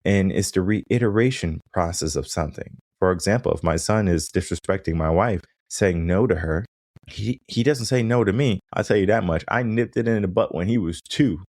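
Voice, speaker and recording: A man with a very low voice lectures firmly, hammering each point and checking in with the listener as he goes. The recording is dry, close and free of room sound. He sounds middle-aged and is clearly the show's regular host. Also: moderate pace, a little mellow, no room sound. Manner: emphatic, punctuates with "right?", mimics objections. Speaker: podcast host, mindset coach. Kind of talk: monologue coaching talk.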